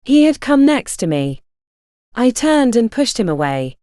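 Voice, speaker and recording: A woman's voice: a little high, sing-song, measured pace, warm tone, no echo, studio quality. A woman narrating a first-person story in an intimate, confessional way.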